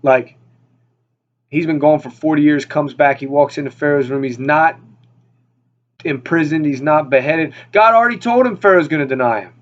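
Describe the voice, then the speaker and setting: A man's voice: fairly high pitch, moderate pace, muffled recording. A man giving a casual, rambling Bible study talk, full of fillers and repeated words. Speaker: Bible teacher.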